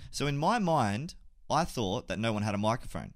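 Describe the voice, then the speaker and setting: Young male podcast host, crude and animated storyteller, swinging pitch, close dry sound. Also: normal speed, no room sound. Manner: animated, swearing, laughs mid-sentence. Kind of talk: casual storytelling to gamers.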